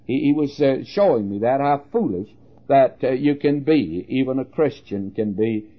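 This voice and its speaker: Older male radio preacher with an average-pitched voice, folksy and halting, on a muffled old broadcast recording. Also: lively intonation. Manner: folksy storytelling with frequent "uh" pauses. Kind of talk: radio sermon.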